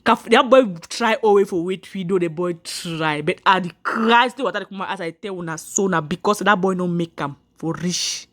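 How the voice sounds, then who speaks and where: A woman's voice: on the low side, normal speed, hardly any pauses. A woman, telling viewers her own story earnestly, repeating herself and restarting lines. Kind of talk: personal story told to viewers.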